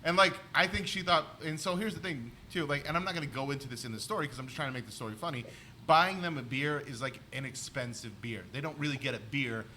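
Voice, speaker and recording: A man's voice: medium pitch, fast talker, pushed and bright, a little hiss or hum. A man, a comedian co-hosting a podcast, telling a rambling story in casual chat with lots of "like". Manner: rambling anecdotes full of "like".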